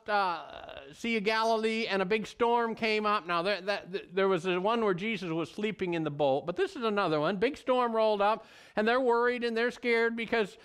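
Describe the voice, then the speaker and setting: A middle-aged male pastor preaching a sermon in an earnest, folksy storytelling way with animated asides. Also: high-pitched, clean tone.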